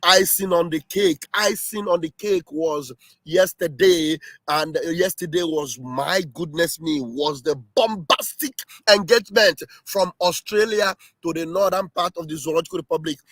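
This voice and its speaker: A man hosts a livestream in a high, bright, ringing voice, heaping up exclamations and often breaking into shouts. His sound is close and dry. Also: normal speed, no room sound. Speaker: livestream host. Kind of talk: impassioned political livestream commentary.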